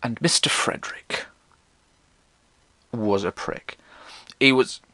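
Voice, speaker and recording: Young English man, posh accent, sardonic sweary vlogger; bright voice, very animated pitch. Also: dry recording. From England. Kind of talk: casual storytelling monologue.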